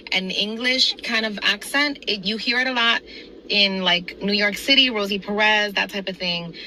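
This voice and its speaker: A woman with a neutral Midwestern American accent, casually telling a quick story about how she speaks. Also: mid-range voice, pushed and bright, a little hiss or hum, rough recording. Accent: neutral American Midwest, from Ohio. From Dominican-American, raised in Rhode Island. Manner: quick, chatty, matter-of-fact. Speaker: vlogger telling her story.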